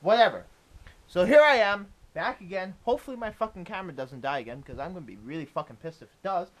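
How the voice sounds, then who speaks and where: A man's voice: sits high, animated, fast. A man commenting on a video game as he plays, swearing a lot and ranting in frustration. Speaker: let's play gamer.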